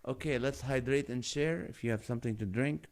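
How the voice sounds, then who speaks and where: A man's voice: mid-range voice, fairly quick, slight background noise. A man hosting a live stream, reading viewer names and guesses aloud and laughing often.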